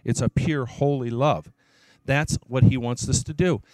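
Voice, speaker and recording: A man's voice: medium pitch, fairly even intonation, unhurried, darkish tone, dry recording. Guy preaching his testimony, repeats stuff for emphasis, dry close sound. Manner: emphatic storyteller, repeats key phrases. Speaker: church elder giving a testimony.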